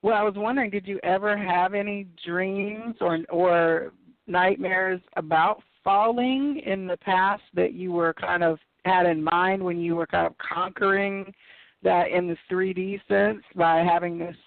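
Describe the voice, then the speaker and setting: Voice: medium pitch, steady tone, a little slow, gravelly, dry recording. A speaker in their forties in casual chat, reflective and talking in long winding sentences. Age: 40s. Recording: dry phone-like line.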